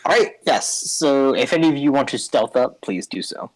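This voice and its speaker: A man's voice: mid-range voice, lively intonation, moderate pace, poor audio. A man narrating as game master of a tabletop game, in a casual, rambling way, full of fillers.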